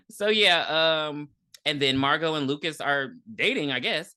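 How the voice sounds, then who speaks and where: A man's voice: fairly high pitch, expressive, sharp tone. A man co-hosting a podcast, recapping an episode in casual, joking chat with lots of ums and laughter. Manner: loose, joking, quick to laugh, many ums. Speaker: podcast co-host.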